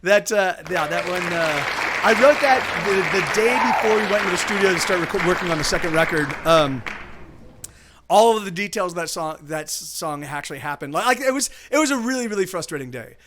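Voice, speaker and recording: A man's voice: high voice, lively intonation, a little fast, a bit bright, a faint crowd, a little hiss or hum. A man who is a musician chatting casually between songs on his live stream, telling a rambling, profane story. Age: adult.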